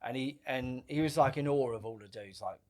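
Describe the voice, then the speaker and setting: A middle-aged man telling a story casually on a podcast, animated, swearing freely and acting out quoted lines. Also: medium pitch, brisk. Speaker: podcast guest.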